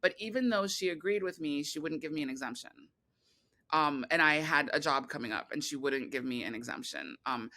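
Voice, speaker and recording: A woman guest on a podcast, telling a long personal story in a rambling, animated way, full of restarts and quoted voices. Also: low-pitched. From California. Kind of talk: casual interview conversation.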